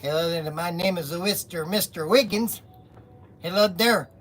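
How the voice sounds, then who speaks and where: A man's voice: sits high, unhurried, fairly bright tone, faint music behind. Mister Wiggins, a man doing a bumbling fussy boss. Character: fussy middle-aged male boss, bumbling.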